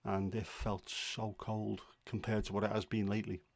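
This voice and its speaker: A man's voice: lowish voice, level tone, normal speed, creaky, no echo. A middle-aged man hosting a livestream from home, chatting casually in a grumbling, self-deprecating way. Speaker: livestream host. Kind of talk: casual chat.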